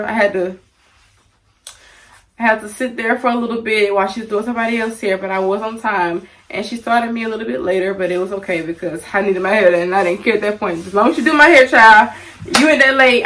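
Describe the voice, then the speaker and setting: A young woman talks through a casual storytime vlog, animated and chatty, often calling out to viewers as y'all. Her voice sits mid-range and sounds a little away from the mic. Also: medium pitch, recorded from a distance, a little hiss or hum, poor audio. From Louisiana. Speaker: vlogger.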